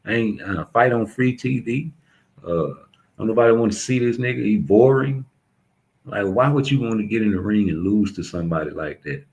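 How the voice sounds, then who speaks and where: A man's voice: on the low side, moderate pace, a little mellow, low-quality recording. A young adult man, ranting bluntly and profanely in street slang as a commentator. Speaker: YouTube commentator. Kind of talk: casual ranting monologue.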